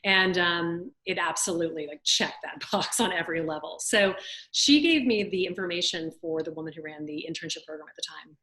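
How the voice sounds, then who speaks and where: Southern US woman guest, 40s, lower voice, animated storyteller with frequent laughs. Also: brisk, poor audio. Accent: Southern US (Louisiana). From Louisiana, USA. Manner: lively, laughs often, acts out quotes. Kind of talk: storytelling in an interview. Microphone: video call.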